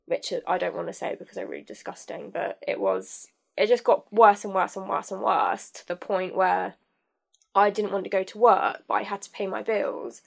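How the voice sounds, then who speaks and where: There's vocal fry in this young woman's medium-pitched voice as she relates a personal story as a podcast guest. She speaks openly yet haltingly, with lots of fillers and restarts.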